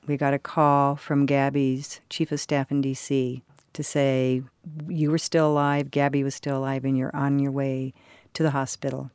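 A woman's voice: rumbling low, creaky, dark tone, no room sound. An older woman telling a personal story in conversation, earnestly acting out the voices of the people in it. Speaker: interviewee recalling a personal story.

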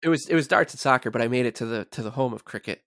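A man's voice: medium pitch, rapid-fire, a bit bright, no room sound, studio quality. A man chatting as a guest on a casual sports podcast, rambling and stumbling over repeated words.

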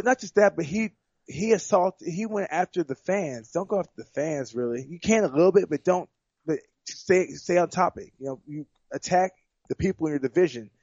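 A man's voice: a little high, a little mellow, breathy edge, dry recording, muffled recording. Rambling man talking fight analysis. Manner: rambling, repeats words and restarts. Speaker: fighter guest. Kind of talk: casual sports chat.

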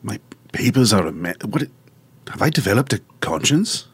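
A man's voice: lowish voice, sing-song, moderate pace, slightly rough. A man playing a tabletop game, joking and narrating what his character does. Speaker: player. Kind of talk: casual tabletop game play.

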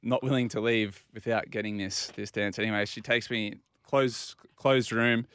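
An Australian man tells a self-deprecating story on a radio show, easygoing and casual, acting out quoted dialogue. His voice sits on the low side, fairly even at a moderate pace, a bit bright and smooth, with no room sound.

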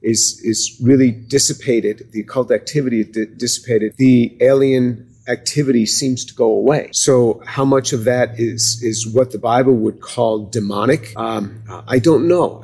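Husky-voiced man explaining science haltingly. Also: mid-range voice, a little mellow. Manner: hesitant, many restarts, explanatory. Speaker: interview guest, chemist. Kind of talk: conversational interview.

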